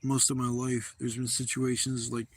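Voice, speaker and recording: A man's voice: mid-range voice, monotone, moderate pace, slightly rough. A man hosting a casual livestream from a campsite, telling a long rambling story with plenty of swearing. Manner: rambling, profane, loose storytelling. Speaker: livestream host. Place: outdoor campsite.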